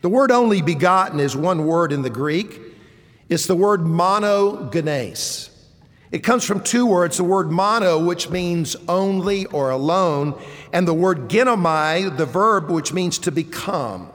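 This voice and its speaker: A man delivers a sermon in a high, measured voice, leaning on key words for emphasis. He takes his time with each phrase. His voice rings with the long reverb of a church sanctuary. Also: lively intonation, a bit bright. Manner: deliberate, emphatic preaching. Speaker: pastor.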